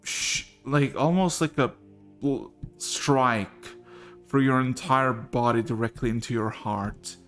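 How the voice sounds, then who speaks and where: A man runs a tabletop game, narrating scenes at an unhurried pace with a mid-range voice. He is relaxed and swears casually as he describes the action. Faint music sits under his voice. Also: medium pitch. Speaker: game master.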